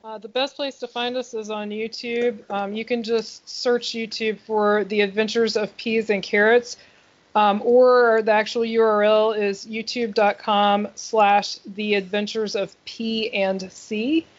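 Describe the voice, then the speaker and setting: A woman's voice: medium pitch, a little slow. A woman guest on a podcast, chatting easily with a few ums. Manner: relaxed, with filler ums. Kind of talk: casual chat. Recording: dull lo-fi audio.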